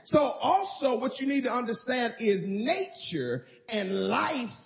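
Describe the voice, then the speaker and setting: A man's voice: very high voice, big pitch swings, takes it slowly, vocal fry. A man preaching a sermon as pastor, emphatic and calling for responses from the congregation.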